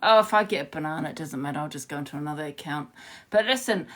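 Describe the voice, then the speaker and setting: A woman's voice: sits low, quick pace, a bit bright. A woman livestreaming from her phone, heated and confrontational, swearing freely as she rants to her viewers. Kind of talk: ranting live stream to viewers.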